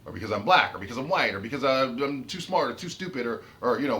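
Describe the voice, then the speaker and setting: A man's voice: medium pitch, lively intonation, fast talker, pushed and bright. A man ranting about his autism in an unscripted vlog, heated and emphatic, repeating and restarting his phrases. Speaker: autistic vlogger. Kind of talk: unscripted rant to camera.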